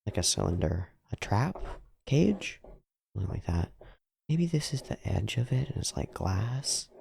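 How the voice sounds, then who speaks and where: A man muses aloud as he sketches, rambling and trailing off in an unhurried drawl. His voice is gravelly and mellow, and his pitch swings around a lot. The sound is dry and close. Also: big pitch swings. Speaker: channel host. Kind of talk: casual think-aloud commentary while sketching.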